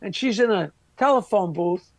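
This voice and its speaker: A man's voice: high-pitched, animated, moderate pace, no echo. A man from Long Island, a comedian guest telling a crude, brash anecdote. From Long Island, New York. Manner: brash, crude, mimics other people. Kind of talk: profane storytelling anecdote.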